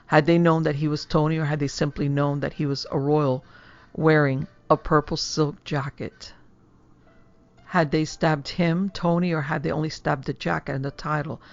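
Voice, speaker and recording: A woman narrating a horror story in a hushed, measured way. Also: sits low, little pitch movement, lo-fi sound. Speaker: narrator and producer.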